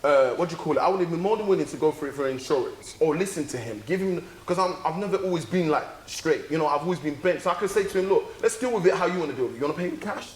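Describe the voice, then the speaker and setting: A man holds forth in casual podcast chat, animated and profane as he acts out every exchange. His voice sits a little high. The room around him is echoey. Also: racing, hardly any pauses. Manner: animated, swearing, acts out dialogue. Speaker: podcast co-host.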